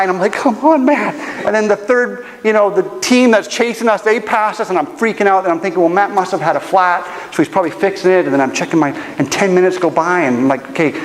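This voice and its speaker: A man preaching a sermon, telling a personal story in an animated, humorous way. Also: sits high, in a large hall, poor audio. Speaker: pastor. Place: church auditorium.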